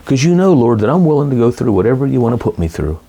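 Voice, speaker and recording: A man's voice: mid-range voice, fast. A middle-aged man giving a casual, rambling talk on Catholic faith, often correcting himself as he goes. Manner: rambling, animated, self-correcting. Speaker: lay Catholic speaker.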